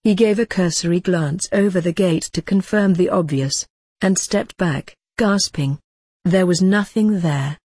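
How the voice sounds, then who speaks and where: A narrator reading a tense rural story in a steady, measured audiobook style, with a husky tone. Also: medium pitch, no echo, clean studio sound.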